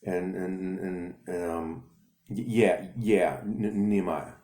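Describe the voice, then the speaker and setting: A man's voice: deep voice, fairly even intonation, dark tone. A man voicing a shy young boy who stutters and stumbles over his own name. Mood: anxious. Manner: halting stutter. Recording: echoey room.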